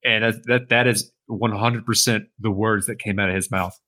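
A man's voice: on the low side, steady tone, moderate pace, sharp tone. A man co-hosting a podcast, chiming in with reactions and laughing in casual chat. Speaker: podcast co-host.

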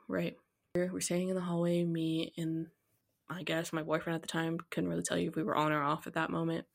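A woman's voice: on the low side, creaky. A young woman, a podcast host telling her own story candidly and bluntly, laughing now and then. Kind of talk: personal storytelling.

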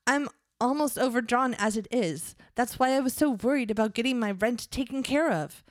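A woman's voice: on the high side, normal speed, dry recording, clean studio sound. A woman co-hosting a podcast in casual, giggly chat. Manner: giggly, chatty. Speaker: podcast co-host.

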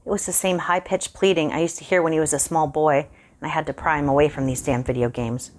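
Low-voiced woman reading a horror story. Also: fast talker. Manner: calm first-person narration.

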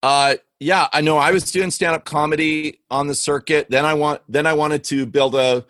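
A man from Western Canada, a guest author telling lively, slangy stories in a casual interview. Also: fairly high pitch, normal speed, no echo. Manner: animated, slangy, says "bro" and "man". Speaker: guest, author and former comedian.

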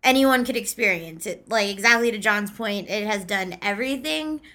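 A woman co-hosting a comedy podcast, upbeat and quick to laugh in casual chat. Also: medium pitch, lively intonation, pushed and bright. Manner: giggly, upbeat. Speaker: podcast co-host.

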